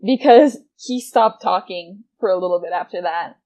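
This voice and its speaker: A woman's voice: on the low side, moderate pace, mellow. A woman in her twenties telling a gaming story casually and with energy, swearing freely and breaking into laughter. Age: 20s. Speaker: gaming vlogger.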